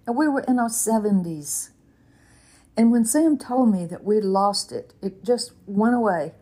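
A woman's voice: medium pitch, lively intonation, measured pace, mellow, breathy edge. A woman in her eighties teaching a Bible lesson in an earnest, folksy way, with exclamations and stern warnings. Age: 80s.

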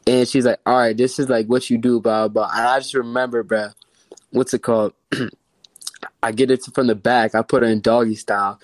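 A young man tells a wild personal story in loose, slangy chat, laughing as he goes. His voice sits at an ordinary pitch and is recorded dry and close, with no room sound. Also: level tone, normal speed, no room sound. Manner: slangy, laughing, says bro a lot. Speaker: guest storyteller.

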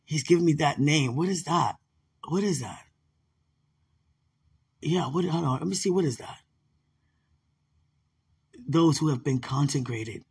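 A woman with a husky, breathy voice leading an emotional live prayer session. She speaks slowly and deliberately. She is tearful and sighs often, and she calls her listener sweetheart. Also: sits low, expressive, a little mellow. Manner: tearful, sighing, laughing through prayer. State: crying.

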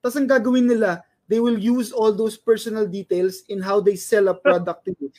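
A man with a Filipino accent, a comedian, explaining his views carefully in a relaxed chat, mixing Tagalog and English and often restarting sentences. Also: high voice, fairly quick. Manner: analytical, explains carefully, stumbles over words. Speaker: stand-up comedian and IT worker, guest.

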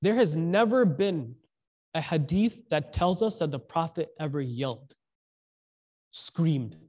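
A man's voice: a little high, animated, takes it slowly, a little mellow. A man giving a conversational sermon, asking the audience questions and mixing in slang. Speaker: preacher.

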